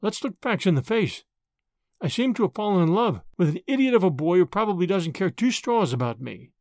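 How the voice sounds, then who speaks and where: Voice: medium pitch, big pitch swings, a little fast, a little mellow, no echo, clean studio sound. A reader voicing a spirited, frank young woman in an audiobook, snappy and emotional. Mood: rueful. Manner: snappy, emotional, talks to herself. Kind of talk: audiobook character voice.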